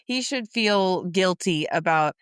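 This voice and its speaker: A woman co-hosting a book podcast, speaking in a measured, thoughtful way and swearing casually. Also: lowish voice, expressive, fairly bright tone, clean tone, no room sound, studio quality. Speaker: podcast co-host.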